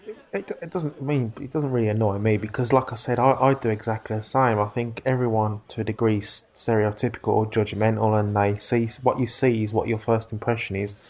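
Low-voiced British man giving opinions. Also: a little fast, hardly any pauses. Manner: opinionated, steady explaining, many "I mean"s. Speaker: podcast co-host. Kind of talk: casual chat.

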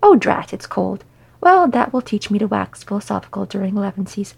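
A woman's voice: medium pitch, sing-song, brisk, vocal fry, slightly rough, heavily acted. A woman doing a fussy, kindly old hobbit.

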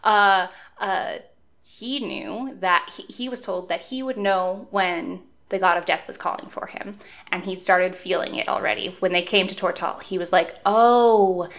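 Woman co-host, chatty book-discussion voice, lively, quick to laugh, mid pitch. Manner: animated, laughs often, acts out book characters' lines. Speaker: podcast co-host.

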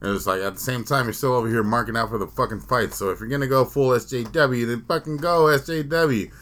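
A man's voice: mid-range voice, quick pace, a bit bright. A man hosting a casual podcast chat, profane and opinionated, often laughing.

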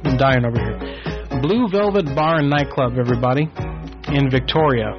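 Brash, profane prank radio host. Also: male voice, medium pitch, moderate pace. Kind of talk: prank call radio show. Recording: dull lo-fi with faint music.

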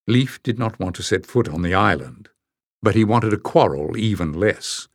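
Reading scripted narration for an audiobook, a man with a low voice tells the story evenly and at a measured pace. The studio sound is clean, without any echo.

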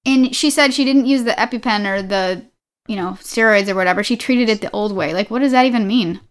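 A woman's voice: a little high, brisk. A woman co-hosting a casual movie podcast, asking questions and giggling. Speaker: podcast co-host.

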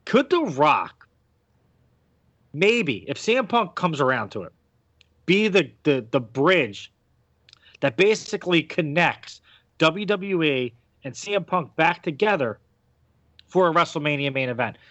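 A man's voice: fairly high pitch, sing-song, unhurried, long pauses, a bit bright, no echo, dull audio. A man hosting a casual wrestling podcast, opinionated and rambling, with casual swearing. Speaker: podcast host.

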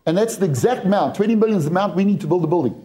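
A man's voice: high-pitched, animated, rapid-fire, very noisy. A man from England preaching a sermon, storytelling with humor to a church. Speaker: pastor.

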